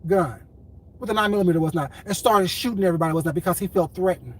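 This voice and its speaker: A man streaming on YouTube, speaking in a calm, controlled, deliberate way and repeating his points for emphasis. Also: high voice, breathy edge, rough recording. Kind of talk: heated livestream commentary.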